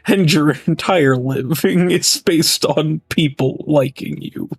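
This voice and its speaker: Man host, higher voice, unhurried drawl, dry close mic, faint music behind. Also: breathy edge, no echo. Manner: slow, laughing, swears casually. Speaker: livestream host. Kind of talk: casual gaming chat.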